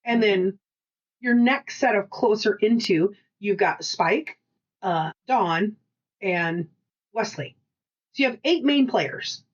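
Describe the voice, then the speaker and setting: This mid-range female voice moves slowly, with long pauses, over dull-sounding audio. She's an animated co-host on a laid-back podcast, cursing freely and performing the quotes in her stories.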